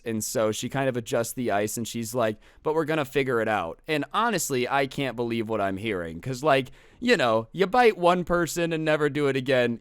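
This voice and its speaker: Young male storytime vlogger, smooth mid voice, animated rambling delivery, dry close mic. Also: mid-range voice, dry recording. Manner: animated, rambling, quick asides and quoted voices. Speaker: storytime YouTuber. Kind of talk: casual storytelling monologue.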